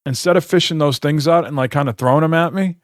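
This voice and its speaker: A man's voice: a little high, fast talker, dry recording, clean studio sound. A man co-hosting a podcast, telling a rambling, exasperated story in casual chat and swearing freely. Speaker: podcast co-host.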